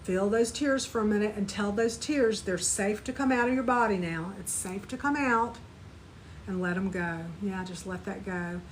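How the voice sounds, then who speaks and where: In poor-quality audio with a bit of background noise, a woman teaches a live online spiritual class. At a moderate pace and medium pitch, she gently walks listeners through an energy clearing and has them repeat compassion phrases after her.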